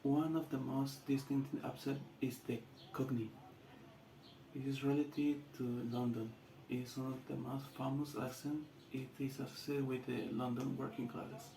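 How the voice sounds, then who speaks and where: A man with a Latin American Spanish accent, a student giving a class presentation in halting English with restarts. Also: medium pitch, flat delivery, vocal fry, warm tone, reverberant, a little hiss or hum, low-quality recording.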